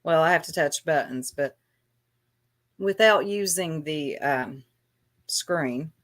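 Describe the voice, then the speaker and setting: A woman's voice: deep voice, takes it slowly, fairly bright tone. A woman vlogger ranting on a livestream in a taunting, sarcastic way. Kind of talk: livestream rant.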